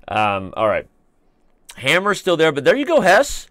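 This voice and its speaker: A man's voice: medium pitch, wildly swooping pitch, a bit bright, no echo. Playful male chess stream host, dry sound. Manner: playful, joking, fast-moving. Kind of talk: live chess commentary.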